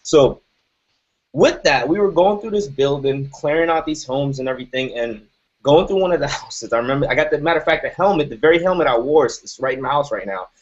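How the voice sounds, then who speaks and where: Fired-up motivational guy, pitched a bit high, keeps going "right?", muffled lo-fi audio. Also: expressive, a little fast. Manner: emphatic, keeps asking "right?". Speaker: motivational speaker. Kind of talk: motivational talk. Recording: dull lo-fi recording.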